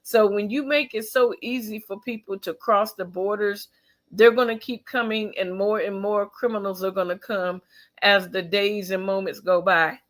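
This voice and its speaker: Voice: mid-range voice, fairly even intonation, moderate pace, a bit bright. A tired, yawning vlogger gives pointed commentary on news stories. The speaker reads a passage aloud, then stops to react with strong opinions. The talk is emphatic and loose, full of fillers and restarts.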